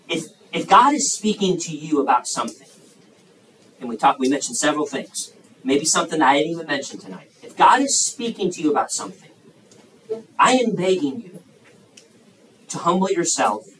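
A man in his thirties with a high voice preaches to young people. He swings from loud, pleading bursts down to quiet, confiding asides. He is heard from a distance, with faint room noise around him. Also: big pitch swings, moderate pace, long pauses. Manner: impassioned, swings between loud emphasis and hushed asides.

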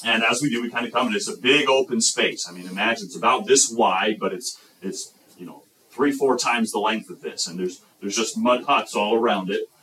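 A man's voice: on the low side, a little fast. A man from the United States preaching a sermon, telling a story and acting out voices and sounds as he goes. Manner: animated storyteller, acts out voices and sound effects. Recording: roomy, from a distance.

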